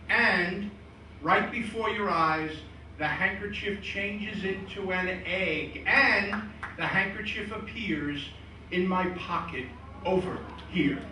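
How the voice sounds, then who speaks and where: A middle-aged comedian and magician performs a stand-up and magic routine at a live show venue, delivering deadpan jokes in a high, sharply bright voice and slipping into his old relatives' voices for the punchlines. He is captured from a distance in an echoey room with a faint hiss.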